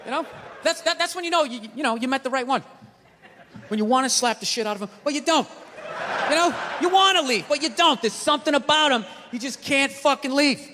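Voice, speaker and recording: A man performing a stand-up comedy routine, ranting in exasperation and shouting his punchlines. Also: very high-pitched, expressive, fairly quick. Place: comedy theater stage. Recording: live hall reverb, crowd laughter and noise.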